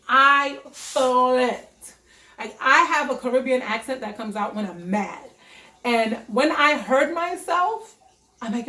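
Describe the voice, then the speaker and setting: A young woman tells a story straight to the camera in a casual vlog, animated and blunt, swearing for emphasis. Her voice sits a little high, and it rings in an echoey room. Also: measured pace. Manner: animated, profane, emphatic retelling. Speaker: vlogger.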